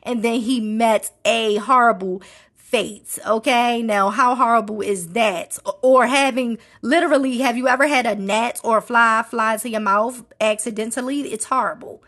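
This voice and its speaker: A woman's voice: fairly high pitch, steady tone, moderate pace, a bit bright. A woman hosting a podcast in a casual, chatty way, laughing often and throwing in playful asides. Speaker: podcast host.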